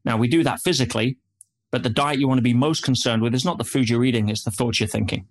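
Animated man telling stories in an interview. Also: medium pitch, fast. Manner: animated, drops in frequent "yeah"s and "you know"s. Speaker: guest. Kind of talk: interview storytelling.

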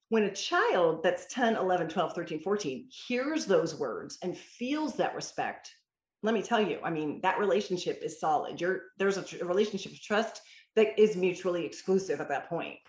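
A woman's voice: on the low side, expressive, moderate pace. A woman who mentors parents, answering interview questions in an emphatic, storytelling way. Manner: emphatic, storytelling with quoted dialogue. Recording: roomy echo.

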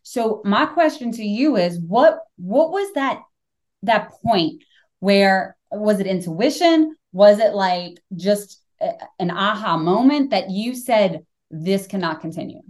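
A middle-aged woman hosting a podcast, telling stories in casual conversation, animated and swearing freely. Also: medium pitch, takes it slowly. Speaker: podcast host.

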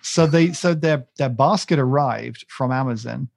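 A man's voice: medium pitch, unhurried, gravelly, darkish tone, a little hiss or hum. A man co-hosting a podcast, chatting casually in a rambling, self-mocking way with many fillers and restarts. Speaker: podcast co-host. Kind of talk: casual chat.

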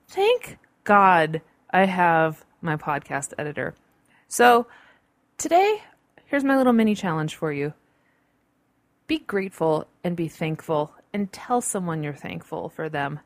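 Podcast host, woman, low-pitched, chatty and upbeat, dry home recording. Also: unhurried, long pauses, no echo. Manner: bubbly, chatty, animated with playful asides. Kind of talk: casual solo podcast talk. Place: home in a large city. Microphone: computer-recorded podcast mic.

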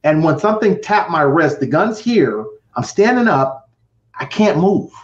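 A man's voice: a little high, very animated, a little slow. A middle-aged man telling his personal story with drama as a podcast guest, acting out voices and counting down. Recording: roomy, dull lo-fi sound.

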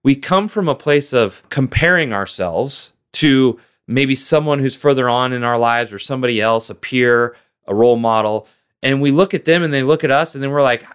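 A man hosting a motivational podcast, speaking earnestly and directly to the listener as a business coach, with steady repeated emphasis. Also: medium pitch, moderate pace, clear, resonant tone. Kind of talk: motivational solo podcast talk.

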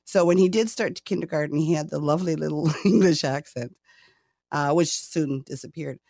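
A woman's voice: deep voice, a little fast, creaky, warm tone, no room sound, studio quality. A Canadian woman in her sixties, recently retired, chatting as an interview guest with frequent laughs. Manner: chatty, laughs often, self-deprecating. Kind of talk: casual interview chat.

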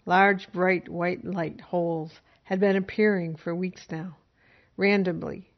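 A woman with a fairly low voice co-hosts a storytelling show. She trades quick, chatty remarks before she begins her own story. The sound is dull and lo-fi. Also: steady tone. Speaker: storytelling podcast co-host. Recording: dull lo-fi recording.

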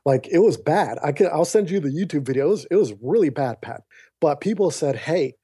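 A man's voice: a little high, fairly quick, breathy edge. A man guesting on a podcast, earnestly recounting a personal story and acting out the dialogue over a remote call. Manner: earnest, animated retelling with quoted dialogue. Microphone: remote call mic.

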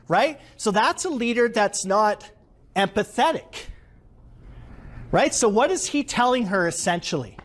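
A man giving an interactive leadership workshop to a live audience, animated and quizzing the room. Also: sits high, unhurried. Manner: animated, asks the audience questions.

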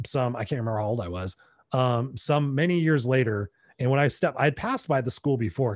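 A middle-aged American man, an interview guest, tells a personal story in conversation, animatedly acting out his own past dialogue. His mid-range voice is captured in a dry, studio-quality recording.

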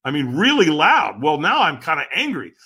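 Man, podcast guest, animated storytelling, emphatic, very lively pitch, bright tone. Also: normal speed, breathy edge. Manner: acts out quoted voices, emphatic.

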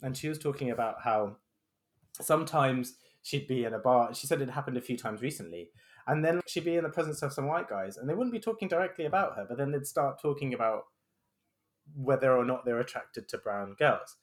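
Halting, thoughtful man co-hosting a podcast. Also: medium pitch, expressive. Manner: thoughtful, halting, restarts sentences. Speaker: podcast co-host. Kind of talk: casual podcast chat.

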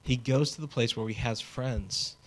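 A man preaching a sermon in a conversational, animated way, with casual asides. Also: mid-range voice, normal speed. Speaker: pastor.

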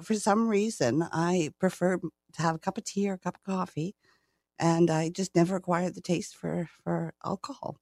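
A woman's voice: lowish voice, fairly even intonation, moderate pace, vocal fry, a little mellow, no room sound, studio quality. A woman in her sixties from Canada, a retired interview guest who talks casually, laughs often and repeats words as she starts her sentences. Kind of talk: casual conversation.

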